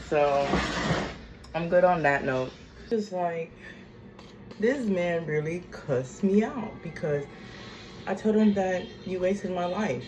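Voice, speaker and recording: A woman's voice: low-pitched, rough recording. A woman telling a storytime rant in a casual vlog, blunt and sassy. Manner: blunt, sassy, drawn-out and expressive. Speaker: vlogger. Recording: noticeable background noise.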